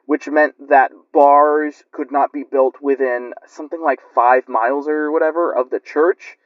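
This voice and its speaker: A man's voice: on the high side, steady tone, a little slow, no echo. A man telling a spooky story in a rambling, chatty way with lots of fillers. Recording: lo-fi muffled recording.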